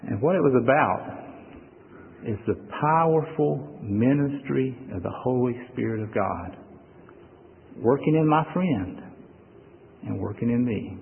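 A man preaching a sermon to a congregation in an earnest, measured way with emphatic pauses. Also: medium pitch, animated, gravelly, a little hiss or hum. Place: room with a congregation. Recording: tinny lo-fi recording with long hall reverb.

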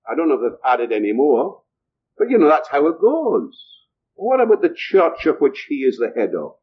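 A man's voice: a little high, slightly rough. An older man from Scotland preaching a sermon, often asking his listeners rhetorical questions. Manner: rhetorical, asks the audience questions. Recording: muffled lo-fi recording.

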